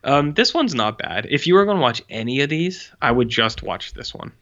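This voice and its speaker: Chatting casually while reviewing short films, this podcast co-host rambles sarcastically with plenty of "like." He speaks at a medium pitch with big swings, briskly and a bit brightly, in a muffled recording.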